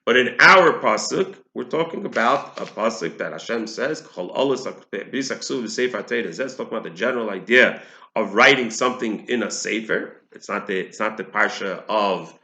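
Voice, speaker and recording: A man teaches a religious text in a bright, pressing voice, working through each point slowly and restating it. His words ring around an echoey room. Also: on the low side, lively intonation. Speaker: Torah teacher. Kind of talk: explaining a text to listeners.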